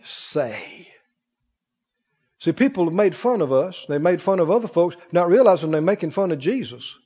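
A man preaching a sermon as pastor, emphatic, swinging from loud declarations to hushed asides. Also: sits high, expressive, fast talker, slightly rough. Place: church sanctuary. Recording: dull echoing church hall.

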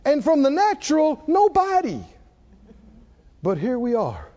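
An older man preaching with a high voice that swoops up and down. His tone is mellow and warm. He tells stories, laughs often and calls out for the congregation to respond, all on a dull, lo-fi church recording. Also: wildly swooping pitch, a little slow. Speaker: pastor. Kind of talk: sermon.

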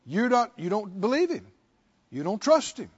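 High, lively-voiced male preacher. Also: moderate pace, slightly rough, highs cut off. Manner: call-and-response, repeating questions with rising fervor. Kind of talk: sermon.

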